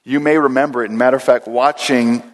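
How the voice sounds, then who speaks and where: A male pastor delivers a sermon in a church sanctuary, his voice carrying a long reverb through the hall. He speaks earnestly at a middle pitch and slows down to repeat his key lines. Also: fairly even intonation.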